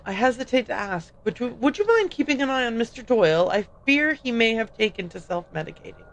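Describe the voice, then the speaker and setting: A woman reading the lines of a formal, tactful male gentleman investigator in a game. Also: a little high, very animated, brisk, highs cut off. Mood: courteous.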